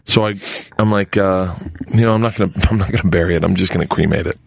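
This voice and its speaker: A man's voice: deep voice, fast, creaky, no echo, clean studio sound. A man telling a gross-out college story on a podcast, laughing as he talks. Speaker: comedian guest.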